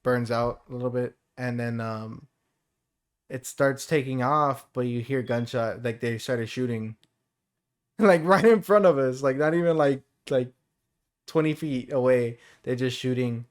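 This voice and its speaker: A man's voice: medium pitch, a little slow, clean tone. A man co-hosting a podcast in casual chat, laid-back, swearing freely and laughing often. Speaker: podcast co-host.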